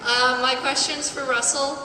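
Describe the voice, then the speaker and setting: A woman's voice: sits high, little pitch movement, unhurried. Polite woman asking from the floor. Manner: polite and a little hesitant, with fillers. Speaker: audience member asking a question. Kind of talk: questions from the floor. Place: large convention hall with an audience. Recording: echoey hall, distant mic, crowd noise.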